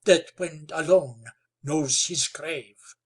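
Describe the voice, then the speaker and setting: A man voicing an old Delaware chief who speaks in a calm, dignified, sonorous way. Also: a little high, slow pace, breathy edge. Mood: grave.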